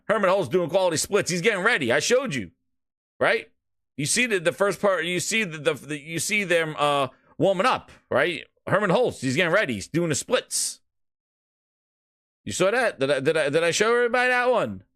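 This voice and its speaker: High, lively New York man hosting. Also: brisk, no echo, clean studio sound. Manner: hype-man shouting; loose, rambling, repeats himself. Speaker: podcast host. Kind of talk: casual gaming show chat.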